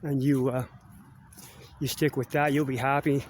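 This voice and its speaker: A man's voice: mid-range voice, flat delivery, moderate pace, a little hiss or hum. Rambling middle-aged Canadian man outdoors. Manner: chatty, meandering, ends phrases with "eh?". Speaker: vlogger. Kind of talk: casual rambling walk-and-talk. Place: outdoors walking around school grounds.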